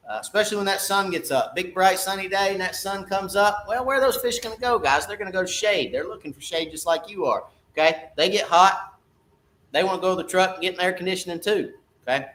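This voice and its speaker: A man's voice: a little high, bright, forceful tone. A middle-aged man, a fishing guide talking casually on a live stream, folksy and repeating "okay?" to his viewers.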